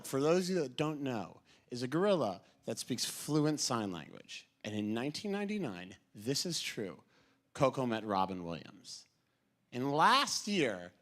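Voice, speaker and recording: Lively New stand-up comic. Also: male voice, on the high side. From New York City. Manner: animated storytelling, acts out voices. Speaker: stand-up comedian. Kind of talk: stand-up comedy set.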